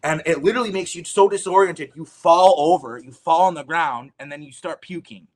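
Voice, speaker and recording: A man talking as an interview guest, telling a story in an animated, rambling way with lots of swearing. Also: a little high, fairly quick. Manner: animated, profane, rambling with restarts.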